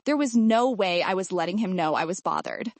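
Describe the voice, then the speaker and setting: Expressive woman reading an audiobook. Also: on the low side, brisk, no room sound. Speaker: audiobook narrator. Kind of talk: first-person audiobook narration.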